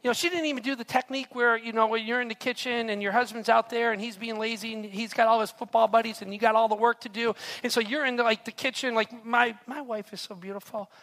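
A man preaches a sermon in an animated storytelling manner. He keeps turning to his listeners with rhetorical asides and questions. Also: very high-pitched, fast, few pauses. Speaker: pastor.

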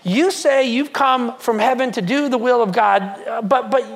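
Preacher putting on a doubting small-town crowd, kinda mocking, voice pushed up a bit higher and louder. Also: moderate pace, close to an everyday voice. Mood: incredulous. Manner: incredulous, mocking questions. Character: skeptical hometown crowd questioning a preacher.

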